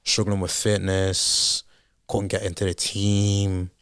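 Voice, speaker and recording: A man's voice: low voice, monotone, takes it slowly, a bit bright, clear, resonant tone. A young man from Ireland with a Dublin accent, a podcast guest telling a story in casual chat and acting out the dialogue. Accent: Dublin Irish. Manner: anecdotal storytelling, acts out dialogue.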